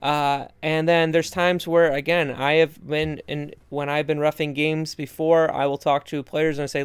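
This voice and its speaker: A man's voice: a little high, flat delivery, unhurried, few pauses, clean tone, dry recording. A man talking referees through game footage in an earnest, conversational way, full of asides and restarts. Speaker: referee trainer. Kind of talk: instructional video commentary.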